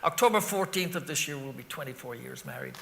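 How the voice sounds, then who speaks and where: A middle-aged Irish man, a rock singer being interviewed, telling animated stories that wander off on tangents and act out scenes with sound effects. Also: a little high, fast, creaky, over a noisy crowd, heavy background noise. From Ireland. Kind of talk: anecdotal interview storytelling.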